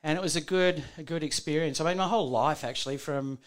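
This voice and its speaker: A man's voice: a little high, fast talker. A man with an Australian accent, a musician guest, chatting and telling stories in a laid-back, laughing way. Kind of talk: casual chat. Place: home bar in a shed.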